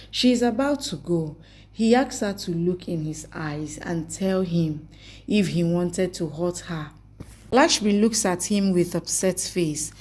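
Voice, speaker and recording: A woman's voice: lowish voice, a little mellow. A woman reading a scripted recap of a TV series episode, with a plain reading of the dialogue as reported speech.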